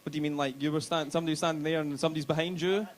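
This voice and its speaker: A man's voice: a little high, steady tone, very fast. A young Glaswegian man doing stand-up in a comedy club, crude and self-mocking, working the crowd. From Scotland.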